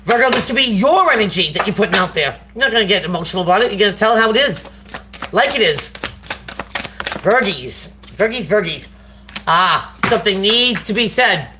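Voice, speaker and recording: A woman's voice: mid-range voice, lively intonation, quick pace. Brief: woman tarot reader streaming live on a phone, chatty, slangy, faint background noise. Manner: casual, slangy, encouraging. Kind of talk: live tarot reading to viewers.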